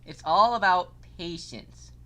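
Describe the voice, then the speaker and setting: A young man streaming a game live, casual and excitable, cursing often and swinging from mock calm to yelling. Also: sits high, slow pace.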